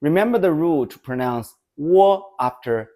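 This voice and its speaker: A man teaching a pronunciation lesson, calmly modelling syllables and asking learners to repeat after him. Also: fairly high pitch, normal speed. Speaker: language teacher.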